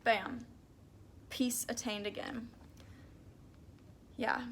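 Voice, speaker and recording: A woman's voice: on the high side, flat delivery, very slow, slight background noise. A young woman talking casually and earnestly about prayer, with lots of "like" and restarts. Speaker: faith vlogger. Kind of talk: casual spoken reflection to camera.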